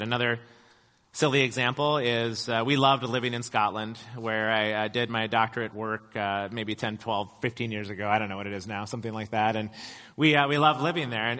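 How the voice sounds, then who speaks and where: A man's voice: mid-range voice, pushed and bright. A middle-aged man preaching a sermon, telling stories in a casual, conversational way with self-deprecating humor. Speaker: pastor. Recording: long hall reverb.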